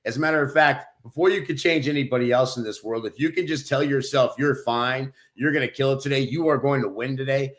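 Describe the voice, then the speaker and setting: A man's voice: medium pitch, a little fast, few pauses, fairly bright tone. A man from New Mexico co-hosting a podcast, giving an upbeat pep-talk in casual conversation. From New Mexico, USA. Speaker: podcast co-host.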